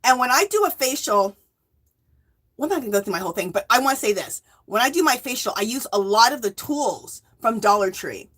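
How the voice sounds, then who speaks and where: A woman's voice: fairly high pitch, animated, a little fast, a bit bright, slightly rough. A woman in her fifties from the US West Coast, chatting casually on her livestream, greeting viewers by name and rambling off into asides. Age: 50s. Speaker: livestream host.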